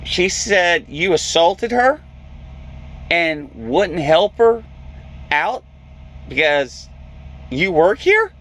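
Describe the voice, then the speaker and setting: A man's voice: high voice, drawn-out words, long pauses, slight background noise. A man, a truck driver, telling a story in a vlog and acting out the people in it. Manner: animated storyteller, acts out quoted voices.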